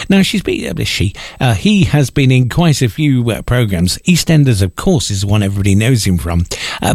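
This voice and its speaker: A male radio presenter running through the day's birthdays in a chatty, offhand manner, adding wry asides as he goes. His pitch moves about a lot. The sound is dry and close to the mic. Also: darkish tone, no room sound. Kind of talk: casual radio birthday roundup.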